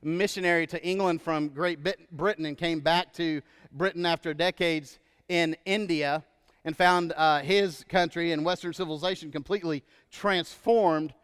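A male pastor preaching a sermon in a relaxed, storytelling way, often checking in with "right?". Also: on the high side, moderate pace, smooth, long reverb tail.

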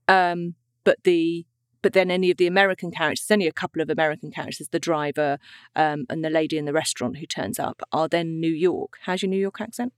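A woman's voice: deep voice, fast talker, clean tone, no echo. Woman narrator chatting, laughs a lot, restarts, dry close sound. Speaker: audiobook narrator. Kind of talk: casual chat.

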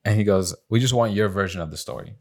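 Gravelly and a little mellow, this young man's fairly low voice moves at a quick pace. As a podcast co-host telling a casual story among friends, he acts out quotes in a raised voice and swears often.

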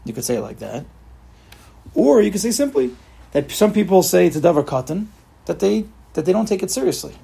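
Man, husky and gravelly, fairly high voice; casual Torah class teacher, repeats and restarts phrases, asks rhetorical questions. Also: big pitch swings, a little fast, warm tone. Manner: repetitive restarts, rhetorical questions, mixes Hebrew terms.

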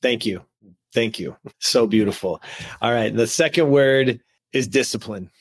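Energetic, emphatic male podcast host. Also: measured pace, husky, dry recording. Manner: energetic, emphatic, pitch jumps up for excitement. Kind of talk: casual interview chat.

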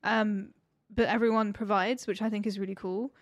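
Woman, 30s, relaxed podcast co-host, loose filler-heavy chat with casual swearing. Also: medium pitch, normal speed, no room sound.

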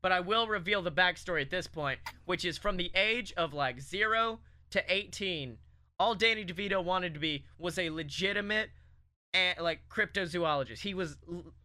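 A man co-hosting a comedy podcast rambles excitedly through an invented story, full of ums, swearing and laughs. His voice is high and bright, with a smooth, clear tone. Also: normal speed. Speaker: podcast co-host. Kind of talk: casual comedy chat, pitching a made-up movie plot.

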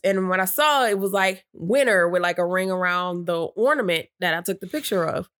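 A woman casually telling a story, chatty and full of fillers, acting out her own reactions in a higher voice. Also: normal speed, fairly bright tone.

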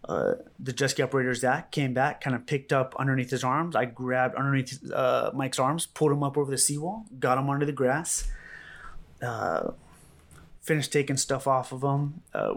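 This mid-range male voice belongs to a rescue medic calmly telling an interviewer what he witnessed firsthand. He speaks haltingly, repeating himself and leaning on fillers.

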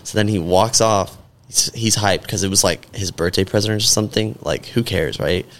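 A man's voice: on the low side, moderate pace. A man in casual podcast chat, telling a rambling, profane story full of fillers.

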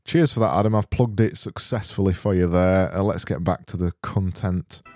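Dry deadpan male podcast host. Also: sits low, moderate pace, over music. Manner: dry, deadpan, self-mocking.

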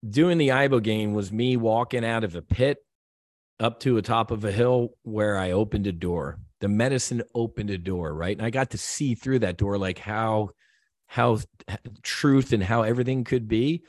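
A man with a low, fairly deep voice tells a personal story on a podcast. He sounds earnest and heartfelt, and he often stops to restart or repeat himself. The recording is dry and close. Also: a little mellow, dry recording. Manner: halting, with many restarts and repeated words. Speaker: podcast guest.

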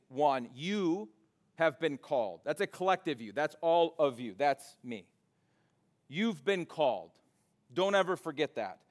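Animated preaching man, raised voice. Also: a little high. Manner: conversational storytelling preacher, animated retellings. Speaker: pastor. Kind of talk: sermon. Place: church sanctuary.

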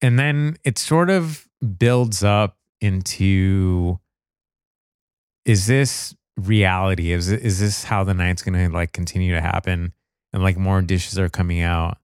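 A young man with a very deep voice chats about a film. He talks in a measured way and fills pauses with "you know." The sound is smooth and dry. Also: no echo. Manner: measured, hesitant, uses fillers like "you know". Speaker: podcast co-host. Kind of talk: casual chat reviewing a film.

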